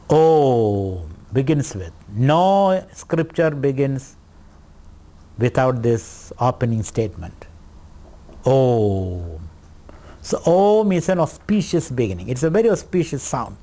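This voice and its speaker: A man giving a spiritual lecture on scripture, teaching in a deliberate, repetitive way. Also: medium pitch, dark tone. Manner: slow, deliberate teaching with repetitions and light laughter.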